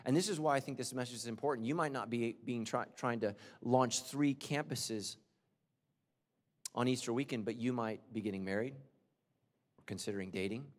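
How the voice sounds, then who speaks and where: A man preaching a sermon as pastor, moving between loud outbursts and quiet confession, with humorous asides. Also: medium pitch, normal speed. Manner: humorous asides and acted-out quotes. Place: large church auditorium. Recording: long reverb of a large hall.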